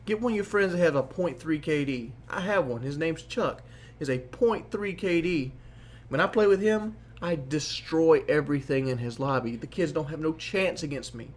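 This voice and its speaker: A man's voice: a little high, moderate pace. A young man giving a boastful, profane rant to camera as a gaming commentator, mocking his critics.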